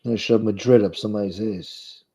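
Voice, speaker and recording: Livestream host: low-pitched New man, rambling and foul-mouthed, on dull lo-fi audio. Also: steady tone, fast, warm tone, breathy edge. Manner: profane, rambling, reacting to viewer comments. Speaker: live stream host reading chat. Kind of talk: casual chat.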